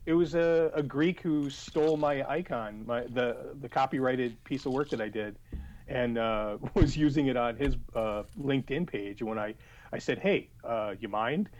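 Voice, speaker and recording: A man with a middle-pitched, everyday voice, rambling through a story with lots of restarts and fillers. He talks casually as a podcast co-host. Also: normal speed, a little mellow, dull audio.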